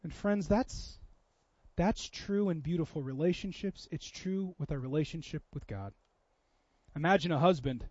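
A man in his thirties preaching a sermon, telling stories with swings from loud bursts to quiet moments. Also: on the high side, moderate pace, no echo, lo-fi sound. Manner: animated storytelling, swings from loud to soft. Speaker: pastor.

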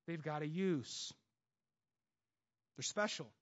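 A man preaching a sermon with passion, moving between loud bursts and hushed stretches. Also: fairly high pitch, slow. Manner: acts out God's voice and inner voices in quotes. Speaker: pastor. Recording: dull lo-fi sound.

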